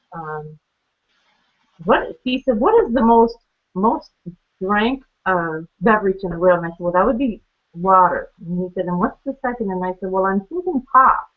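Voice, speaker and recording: A woman telling her own story on a training call, chatty, laughing often and acting out the conversations she recalls. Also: mid-range voice. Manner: chatty, laughs often, acts out quoted exchanges. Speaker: guest speaker on a training call. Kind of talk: personal testimony. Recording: phone-line audio.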